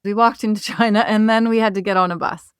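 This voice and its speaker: A travel author guesting on a podcast tells a travel story conversationally, animated and laughing now and then. Her mid-range voice is fast and smooth, captured in studio quality with no room sound.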